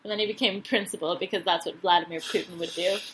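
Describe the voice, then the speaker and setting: A young woman chatting casually as a podcast co-host, retelling a reality show in an animated, giggly way full of fillers. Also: lowish voice, fast, very noisy. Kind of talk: casual TV recap chat.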